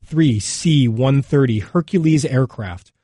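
A man reading scripted documentary narration in a measured, somber and unhurried way, recorded close on a studio mic. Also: medium pitch, expressive, mellow, no echo.

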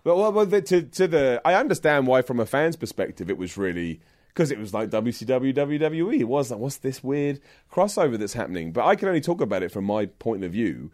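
A man's voice: mid-range voice, big pitch swings, fairly quick, a little mellow. A young Englishman with a Luton accent, a guest in a casual interview, rambling, joking about himself and laughing often. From England. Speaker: interview guest, wrestling presenter.

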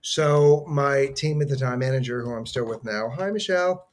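A man, an actor, telling a story in a casual, animated way as a guest. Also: medium pitch, normal speed.

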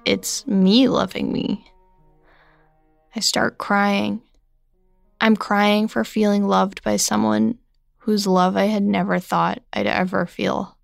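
Young woman reading a story slow and thoughtful, kinda gravelly, soft music behind. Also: medium pitch, level tone, no room sound, clean studio sound. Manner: slow, reflective and introspective. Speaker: narrator. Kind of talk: scripted first-person story narration.

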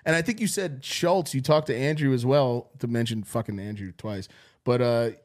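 A New man trades stories on a casual podcast. He talks in an animated way, swears a lot and acts out what people said to him. His voice sits at an ordinary middle pitch. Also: normal speed. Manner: animated storyteller, heavy swearing, acts out quotes. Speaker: podcast co-host. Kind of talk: casual chat.

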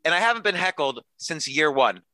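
A man's voice: fairly high pitch, sing-song, brisk, bright, forceful tone, no echo, rough recording. A man guest on a podcast, an author and comedian, telling chatty self-deprecating stories with quoted dialogue. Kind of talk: casual storytelling interview.

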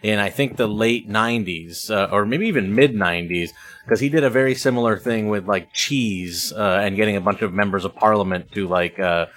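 A man's voice: lowish voice, brisk, fairly bright tone. Man rambling through a comedy critique. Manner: rambling and analytical, with many fillers. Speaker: podcast panelist, comedy writer. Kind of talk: casual comedy podcast chat.

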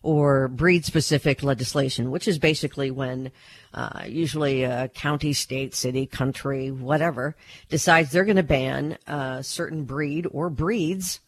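A woman's voice: very deep voice, a little slow, no room sound. A woman co-host on a radio show, friendly, previewing the news segment.

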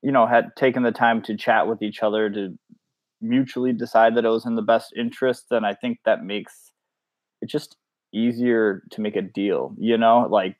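A man co-hosting a casual sports podcast, thinking aloud in a measured way. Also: fairly low pitch, steady tone. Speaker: podcast co-host.

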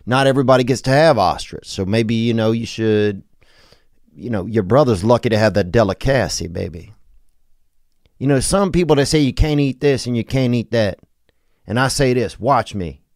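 A man's voice: mid-range voice, dry recording, studio quality. A man hosting a podcast, riffing in casual comedic chat with rambling, slangy, absurd monologues. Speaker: podcast host.

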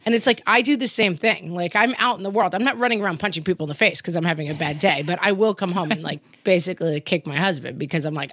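A podcast co-host with a low voice tells animated stories in casual conversation, acting out the voices of the people she quotes. She talks at a quick pace, and the recording is dry.

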